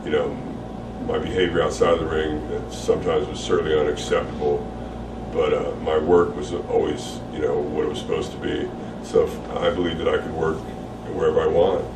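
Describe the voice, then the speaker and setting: Very deep middle-aged man in a candid interview, relaxed and rambling, recorded far off in an echoey room. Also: brisk. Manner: relaxed, rambling, frequent fillers and repeated words. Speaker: interview guest, retired wrestler. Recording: roomy echo, distant mic, faint hum.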